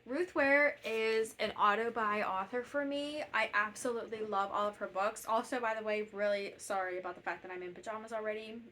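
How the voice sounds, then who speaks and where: A woman's voice: medium pitch, a little fast, hardly any pauses, pushed and bright, a little hiss or hum. A woman chatting casually at home as a book vlogger, gushing about books with lots of fillers and restarts. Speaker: BookTube host. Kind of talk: casual book review chat.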